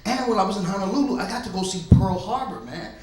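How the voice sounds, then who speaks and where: A male stand-up comedian telling stories in a loud, punchy way on a club stage. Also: high-pitched, lively intonation, fast. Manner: loud, punchy storytelling, often laughing. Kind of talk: stand-up set. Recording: echoey club room.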